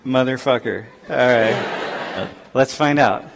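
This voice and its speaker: A man teaching a class in a large lecture hall, joking and teasing his students in loud, casual banter. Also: mid-range voice, slow, creaky, background noise. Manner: playful, loud, laughing and prodding students.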